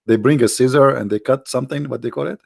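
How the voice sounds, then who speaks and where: Sarcastic gravelly man with Arabic accent. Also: medium pitch, fast talker, darkish tone, no room sound, studio quality. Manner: sarcastic, mocking, rambling asides. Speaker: channel host. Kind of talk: mocking religious commentary stream.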